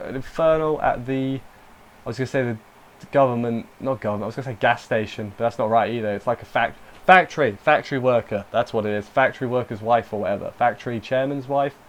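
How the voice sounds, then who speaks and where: Rambling man recapping an anime episode. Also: mid-range voice. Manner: rambling, self-deprecating asides, frequent fillers. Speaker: anime reviewer. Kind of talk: casual episode recap and review.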